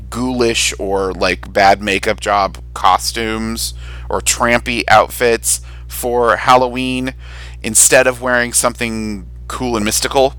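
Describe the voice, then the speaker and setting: A man co-hosting a casual podcast, rambling and animated, often jumping up into a high excited voice and swearing casually. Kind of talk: casual chat.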